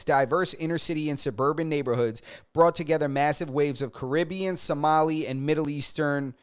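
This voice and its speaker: A young man on a casual podcast, talking in a loose, joking, slang-heavy way. His voice is clear and smooth. It sits a little higher than most men's. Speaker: podcast co-host. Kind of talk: casual chat.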